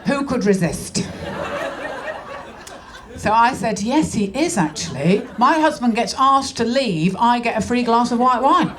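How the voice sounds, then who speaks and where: A woman's voice: a little high, unhurried, long pauses, a crowd in the background. A middle-aged woman performing a stand-up comedy routine in a brash, conversational, mock-exasperated way on a club stage. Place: comedy club stage before a laughing audience.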